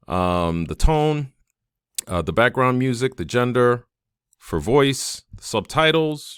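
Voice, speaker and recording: Very low-voiced man walking through software. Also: no room sound, studio quality. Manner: casual, enthusiastic, thinks aloud with fillers. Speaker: tutorial host. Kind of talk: screen-recorded software tutorial.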